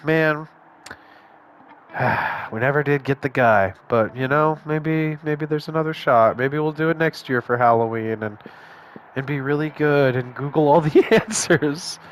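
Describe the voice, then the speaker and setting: A man's voice: on the high side, a little slow, slight background noise. A man giving crude, joking let's play commentary on a game, irreverent and offhand. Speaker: game streamer.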